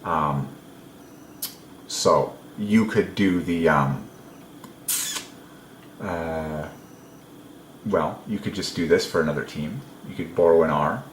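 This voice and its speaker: A man's voice: sits low, slow pace, long pauses, roomy sound, a little hiss or hum. A man giving a casual devotional lecture as a video host, marvelling and laughing often, with repeated okays. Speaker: religious numerology video host.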